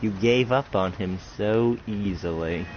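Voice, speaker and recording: A man voicing a preachy ghostly commander with a put-on Russian accent, lecturing slowly and accusingly on a muffled recording with loud background noise. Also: on the low side, lightly acted.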